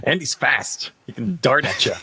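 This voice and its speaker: Bright-voiced joking male podcast host. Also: mid-range voice, expressive, husky. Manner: quick joking asides. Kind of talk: casual comedic chat.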